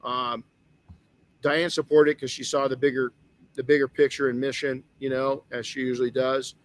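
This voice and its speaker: A man's voice: mid-range voice, level tone, normal speed, no echo. A man hosting a motivational podcast, telling a personal story candidly with frequent restarts. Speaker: podcast host.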